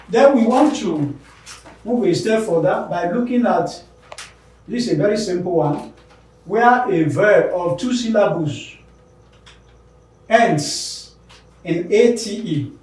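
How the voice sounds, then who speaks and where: A man teaching an English pronunciation lesson, repeating example words slowly and with emphasis. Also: sits high, expressive, darkish tone. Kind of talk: classroom lesson on word stress. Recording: very echoey room, voice from a distance.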